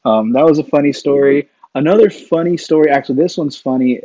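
A man's voice: fairly high pitch, brisk, few pauses, a little mellow, dry recording. Rambling man telling stories on a lo-fi mic. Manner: rambling, with many fillers and restarts. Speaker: podcast guest. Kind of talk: casual storytelling. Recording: dull lo-fi dry sound.

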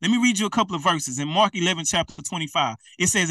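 Preacher, male, direct and repetitive, bright tone, sits back from the mic. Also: sits high, animated, quick pace, few pauses, no room sound, distant mic. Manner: colloquial, repetitive, direct address. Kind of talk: informal preaching to camera.

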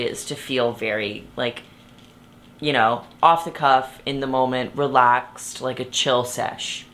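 A woman's voice: a bass voice, a bit bright. A young woman hosting her own podcast from her bed, chatting casually and rambling, often interrupting herself and laughing. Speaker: podcast host. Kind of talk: casual chat. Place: bedroom, sitting on her bed.

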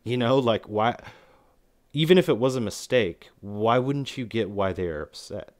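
A man's voice: lowish voice, animated, measured pace. A man co-hosting a casual film discussion podcast, rambling with lots of fillers and briefly acting out what characters say. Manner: rambling, filler-heavy, acts out quoted characters. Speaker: podcast co-host.

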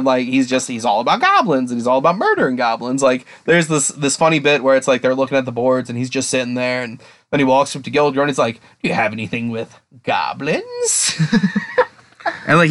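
A man's voice: mid-range voice, a bit bright. A man co-hosting a casual podcast, talking profanely and acting out characters' lines as he recaps. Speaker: podcast co-host.

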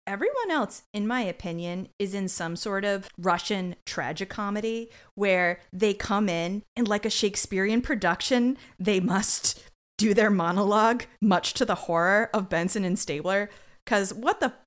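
A woman's voice: medium pitch, normal speed. A young woman co-hosting a podcast, recapping a TV episode in dry, profane casual chat and acting out the characters' lines. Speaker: podcast co-host.

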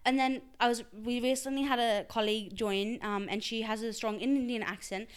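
A woman's voice: a little high, fairly even intonation, moderate pace, clean tone. A young woman with an Australian accent, co-hosting a casual chat and rambling through restarted sentences. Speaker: podcast co-host.

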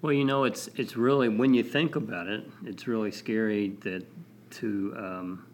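Low-voiced man co-hosting a podcast. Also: fairly even intonation. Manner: friendly, agreeable, chiming in with quick assents. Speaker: podcast co-host. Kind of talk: casual chat.

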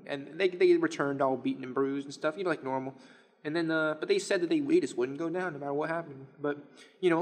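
A man's voice: on the high side, close to an everyday voice. A young man voicing a jittery rural farmer who rambles and stammers as he calls in a story. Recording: reverberant room.

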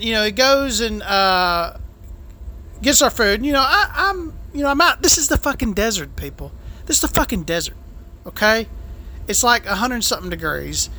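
A man's voice: high voice, sharp tone. A man telling a heated, crude, profanity-filled story about bad service as a food vlogger.

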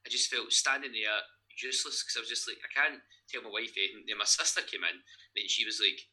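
A Scottish man and gym owner, recounting a hard personal story in an interview, halting and emotional, with many restarts. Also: lowish voice, steady tone, sharp tone, rough recording. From Scotland.

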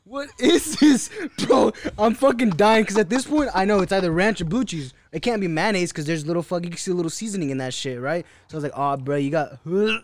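A man's voice: sits high, fast, few pauses. A young man telling a story in a casual chat, cursing constantly, saying "bro" over and over, and slipping into Spanish now and then. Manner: profane, excitable storyteller, repeats "bro", slips into Spanish. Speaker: podcast co-host telling a story.

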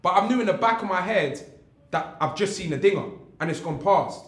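A man's voice: sits high, expressive, fairly quick, fairly bright tone. A young man, a guest animatedly telling a story in casual chat, full of slang and repeats. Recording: echoey room.

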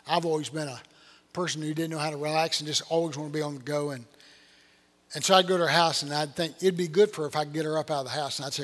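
A man's voice: fairly high pitch, fast talker, a bit bright. An older man, preaching a sermon as a pastor in a folksy, earnest storytelling manner. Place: church sanctuary. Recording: long hall reverb.

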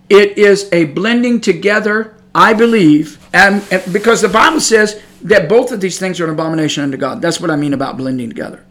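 A middle-aged man giving an emphatic religious podcast monologue, repeating himself and growing heated. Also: high voice. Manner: emphatic, repetitive, grows heated and loud. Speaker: podcast host.

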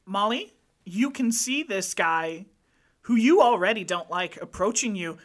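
A woman's voice: medium pitch, lively intonation, measured pace. A woman narrating and running a murder-mystery tabletop game. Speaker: game master.

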